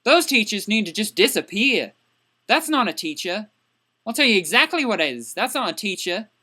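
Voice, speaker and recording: A woman's voice: mid-range voice, big pitch swings, moderate pace, sharp tone. A woman playing a crude, indignant young man who rants exasperatedly in a comedic character vlog.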